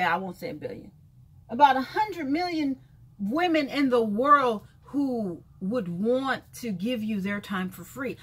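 A woman talks straight to camera in a casual vlog, frank and emphatic, hammering points home by repeating them. Her voice sits high and swoops widely, with a bright edge and a husky grain underneath. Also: a little hiss or hum. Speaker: vlogger.

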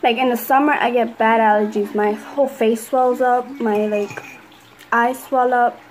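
Young woman vlogger, casual rambling chat, a bit high-pitched, faint hiss behind. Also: steady tone, measured pace, low-quality recording. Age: young adult. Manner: rambling, filler-heavy storytelling.

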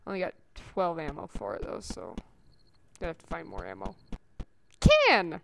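A woman giving chatty let's-play commentary on a survival game, gasping at finds and breaking into squeaky sing-song calls. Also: sing-song, brisk, vocal fry, background noise. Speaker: gameplay commentator.

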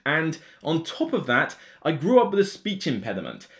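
Speaking at normal speed in a fairly high voice, a man with a Somerset English accent hosts a board game video. His casual, to-camera talk turns into an animated rant packed with fillers.

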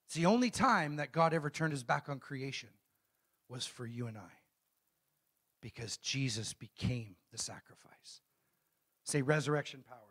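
A middle-aged man preaching a sermon as a pastor, calling out questions to the congregation and reading scripture slowly and emphatically. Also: medium pitch, fairly bright tone. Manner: call-and-response preaching, asks the congregation questions.

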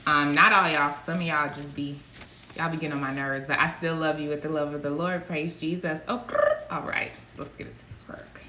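Woman preacher, low sharp tone, chatty and rambling, echoey room. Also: fairly even intonation, fairly quick, a little hiss or hum. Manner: chatty, digressive, talks straight to viewers. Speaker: prophetic minister. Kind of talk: casual sermon to online followers.

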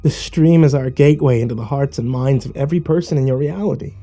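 A man's voice: medium pitch, fast, dark tone, soft background music, lightly acted. A man voicing a corrupted fake female cartoon mouse in a storybook horror reading, speaking coldly and threateningly. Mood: menacing.

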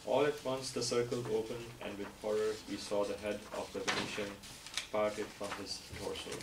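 A man with a low, gravelly voice reads a story aloud in a steady, careful way. He sounds distant in an echoey room, with a clear layer of noise behind him. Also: moderate pace. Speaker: reading group member.

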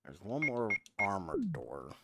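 A man's voice: lowish voice, huge pitch swings, slow, noisy background. A man streaming a video game, chatting casually and rambling as he plays. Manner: rambling, self-correcting, chatty. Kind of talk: casual gameplay commentary. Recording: game music playing behind.

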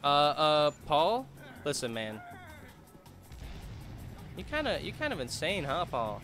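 A bright, lively man talks his way through a video game, his pitch jumping up and down as he reacts to everything. He swears freely and taunts the characters on screen. Faint game music plays under his voice. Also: slow, long pauses. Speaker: gaming YouTuber. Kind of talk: let's play commentary.

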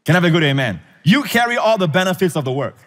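A middle-aged male pastor preaching a sermon to a congregation, calling for amens and rising to shouted emphasis. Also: high-pitched, very animated, racing. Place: church auditorium. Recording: large hall reverb.

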